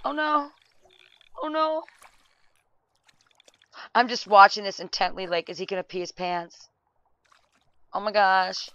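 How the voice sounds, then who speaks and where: A woman casually commenting on a life-sim game, excitable, laughing and shouting at the screen. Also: mid-range voice, a little slow, pauses often, dry recording, highs cut off. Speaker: gameplay video host.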